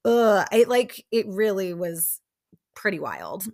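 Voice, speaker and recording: A woman's voice: mid-range voice, very animated, slow, creaky. A young woman hosting a podcast, casually recapping a reality show with lots of "like" fillers and acted-out quotes. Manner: chatty, many "like" fillers, acts out quotes.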